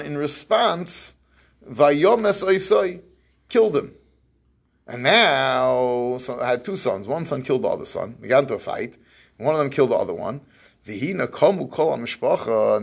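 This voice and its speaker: A man's voice: mid-range voice, animated, moderate pace, vocal fry. A man teaching an evening Torah class, reading verses, translating them and acting out what the people said, in Yeshivish English. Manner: Yeshivish English with Hebrew phrases.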